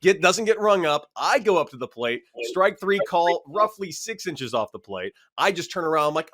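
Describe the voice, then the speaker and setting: Animated storytelling man. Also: on the high side, brisk, hardly any pauses. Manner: lively, animated storyteller, acts out both sides of arguments. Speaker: former pro baseball catcher, show panelist. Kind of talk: casual sports talk storytelling.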